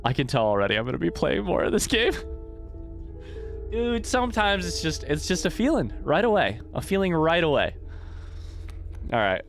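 A man's voice: on the high side, big pitch swings, brisk, gravelly, faint music behind. A man streaming a video game, thinking aloud in casual commentary and swearing freely. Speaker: let's play streamer.

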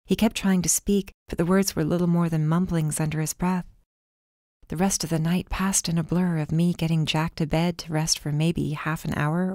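A woman narrating a first-person audiobook in a calm, measured way. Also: fairly low pitch, dry recording, studio quality.

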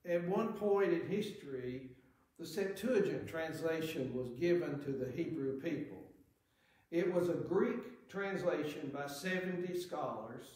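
Preacher, male, earnest sermon delivery, slightly high voice, very echoey church hall. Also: a little slow, darkish tone. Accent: Southern American. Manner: earnest, reads scripture aloud with rising emphasis.

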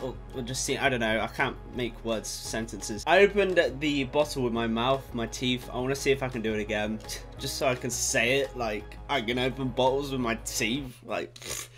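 A nineteen-year-old British man chatting casually to camera in a home vlog, rambling, excitable and swearing freely. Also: mid-range voice, moderate pace, faint music behind. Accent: British English. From Britain. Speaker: YouTuber. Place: home room at night.

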